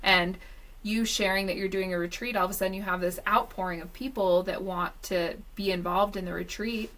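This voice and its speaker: A woman's voice: medium pitch, steady tone, brisk, a bit bright, low-quality recording. A woman hosting a podcast, chatting casually and speaking to listeners directly in an encouraging way. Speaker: podcast host. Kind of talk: casual interview chat.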